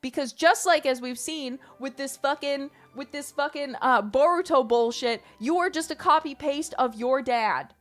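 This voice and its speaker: A woman streamer ranting in casual, animated talk, emphatic and swearing freely. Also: high voice, moderate pace, few pauses, faint music behind.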